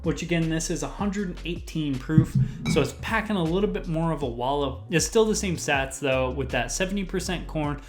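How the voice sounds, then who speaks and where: A man's voice: a little high, moderate pace, over music. A man hosting his own whiskey review channel, casually listing tasting notes with lots of "like" fillers. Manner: rambling lists of tasting notes, full of "like" fillers.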